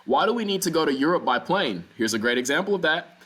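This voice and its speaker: A man, a Spanish teacher talking through a recorded lesson with patient explanations, fillers and quick self-corrections. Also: a little high, lively intonation, fairly bright tone, husky.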